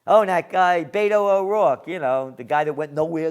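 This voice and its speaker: A man's voice: fairly high pitch, moderate pace, clean tone. A man hosting a news commentary monologue, reading headlines and adding emphatic, sarcastic asides.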